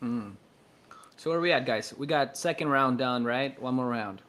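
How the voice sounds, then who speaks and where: A man co-hosting a stream in casual chat, animated and teasing, swearing freely. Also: medium pitch, normal speed. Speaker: stream co-host.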